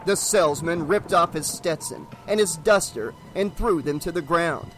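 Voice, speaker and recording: A man narrating a horror novel as an audiobook, steady and dramatic. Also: on the high side, normal speed, faint music behind.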